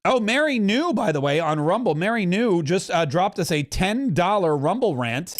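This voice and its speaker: A man's voice: sits high, very animated, moderate pace. A man hosting a live stream, chatting casually and wryly over a broadcast and thanking viewers for donations. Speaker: podcast host commenting on a live broadcast.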